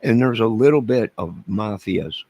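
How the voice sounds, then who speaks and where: Man, livestream host, very low voice, rambling, self-deprecating, casual chat with viewers. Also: normal speed, dark tone, dull audio.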